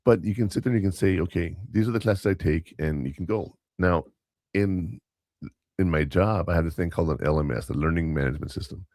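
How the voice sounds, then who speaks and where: A man's voice: sits low, brisk, a little mellow, no room sound, clean studio sound. A man who works as a substitute teacher, co-hosting a podcast and telling rambling stories with quoted dialogue and self-corrections. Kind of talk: casual storytelling chat.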